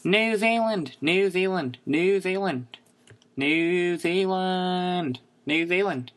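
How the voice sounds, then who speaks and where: A man's voice: high-pitched, takes it slowly, fairly bright tone. A man voicing a cheerful visiting New Zealander who keeps repeating the country's name. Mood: bumbling. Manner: repeating words in a put-on accent. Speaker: fan contributor doing an impression skit.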